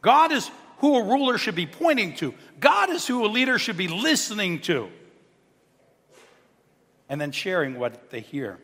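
Male pastor, sermon, high lively voice, bright tone, long church reverb. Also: normal speed. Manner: animated, rhetorical questions, drops to low murmurs. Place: church sanctuary.

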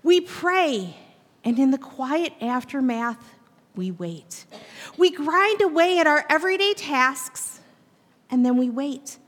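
High, expressive woman pastor preaching. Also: slow pace, long reverb tail. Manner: expressive preaching that draws in the congregation. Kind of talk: sermon. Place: church sanctuary.

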